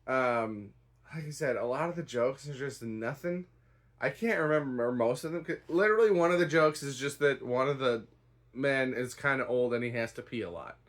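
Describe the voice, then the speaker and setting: A man talks through his opinion of a stage play in a loose, casual way. He rambles, hedges and restarts often, and his tone stays dry and unimpressed. His pitch sits in the middle range for a man. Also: moderate pace, a bit bright. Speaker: theatre reviewer. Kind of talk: casual spoken review.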